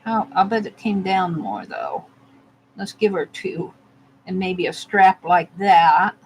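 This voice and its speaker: Carving a stamp, this woman art vlogger chats her way through the craft, musing aloud and chuckling at herself. She speaks slowly in a fairly low voice with big swings in pitch, over slight background noise on a low-quality recording.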